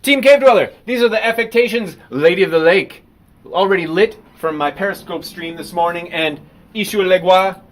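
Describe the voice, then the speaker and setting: A man, a painter, rambling on a live stream and reading his artist statement aloud, swinging from muttering to loud theatrical outbursts. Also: high voice, normal speed.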